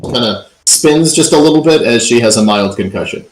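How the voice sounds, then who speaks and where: A man's voice: mid-range voice, a little fast, slight background noise. A man running a tabletop game as game master, narrating loosely with frequent ums and uhs. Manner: relaxed, filler-heavy narration. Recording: echoey room.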